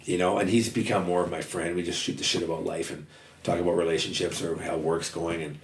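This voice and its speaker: A man with a very low voice talks quickly and candidly, dropping swear words freely in a casual chat. He sits a little back from the mic, so the sound is roomy. A faint noise runs underneath. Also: little pitch movement, recorded from a distance. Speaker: podcast guest. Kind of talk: casual conversation.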